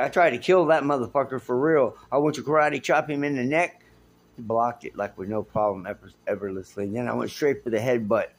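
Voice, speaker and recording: A man telling raw, rambling stories on his own phone vlog, agitated and swearing as he talks, recorded in a hotel room on a handheld phone. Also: mid-range voice. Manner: raw, unscripted storytelling. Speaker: vlogger.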